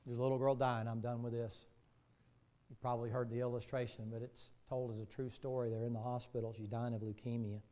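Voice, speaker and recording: A male pastor preaching a sermon and telling stories, his voice moving from loud passages to hushed ones. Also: medium pitch, flat delivery, fairly quick. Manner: storytelling, swings from loud to hushed.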